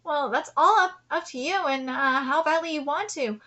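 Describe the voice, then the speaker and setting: A woman's voice: sits high, moderate pace, bright, forceful tone. A woman streamer reading manga aloud and reacting live, emotional and near tears, with laughing asides.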